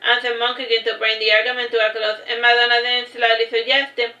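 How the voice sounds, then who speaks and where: A woman's voice: on the high side, level tone, a little fast, sharp tone, reverberant, dull audio. A woman reading her own novel aloud in a casual way, breaking off with chatty asides and restarting lines. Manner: loose, with restarts and chatty side remarks.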